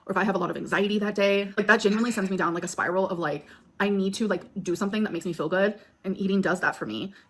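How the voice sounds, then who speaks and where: A woman chats casually, answering questions from her viewers. She talks fast and rambles, leaning on fillers and turning emotional. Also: mid-range voice, steady tone, a bit bright. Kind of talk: casual chat.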